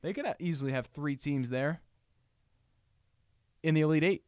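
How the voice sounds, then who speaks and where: A man's voice: a little high, moderate pace, a little mellow, smooth, dry recording, clean studio sound. A man hosting a sports show on his own, giving emphatic commentary and repeating his points for stress.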